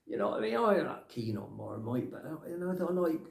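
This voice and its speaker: A man's voice: on the high side, big pitch swings, fairly quick, gravelly, a little mellow, exaggerated voice. A man playing a ranting grumpy bloke. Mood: musing. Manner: rambling, ranting, tags lines with "right?". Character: grumpy older Englishman ranting about clutter. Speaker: comic character. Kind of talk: rambling comic monologue to camera. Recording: echoey room.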